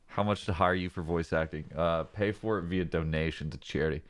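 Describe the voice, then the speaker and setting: A man's voice: deep voice, fairly even intonation, brisk, hardly any pauses. A young man streaming, chatting casually with laid-back joking asides. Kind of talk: casual live-stream chat.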